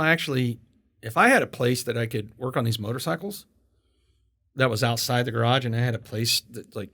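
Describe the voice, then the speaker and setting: A man hosting an interview, telling stories in a casual, animated way, laughing and swearing as he goes. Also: medium pitch. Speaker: podcast host.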